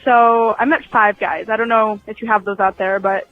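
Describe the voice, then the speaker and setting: A man's voice: high-pitched, level tone, moderate pace, dry recording, faint music behind. A man leaving a chatty voicemail, telling a story with giggles along the way, heard over a phone line. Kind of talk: voicemail message.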